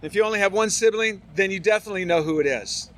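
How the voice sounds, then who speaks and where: High-voiced man teaching scripture. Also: fast. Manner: reads scripture aloud with casual asides. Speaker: preacher. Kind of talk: Bible study sermon.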